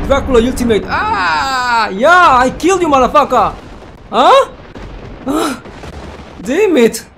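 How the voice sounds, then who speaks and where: Cursing let's-play gamer over loud game music. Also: sits high, expressive, a little slow, gravelly. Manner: swears constantly, yells at the game. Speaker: gaming channel host.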